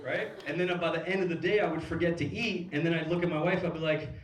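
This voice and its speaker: Speaking fairly quickly with hardly any pauses, a thirty-something man with a fairly high voice delivers a motivational business talk on stage, swearing and filling his casual stories with fillers. The event hall echoes, captured from a distance.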